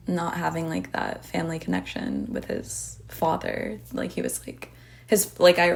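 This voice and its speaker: A woman's voice: lowish voice, creaky. A young woman hosting a podcast, recapping a movie in rambling casual chat, full of filler words and swearing. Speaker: podcast host.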